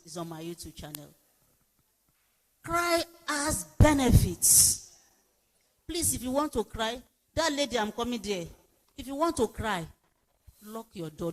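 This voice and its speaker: A woman's voice: on the high side, a bit bright. A woman giving a sermon-like counselling talk, repeating her exhortations emphatically. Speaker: pastor and speaker. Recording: long hall reverb.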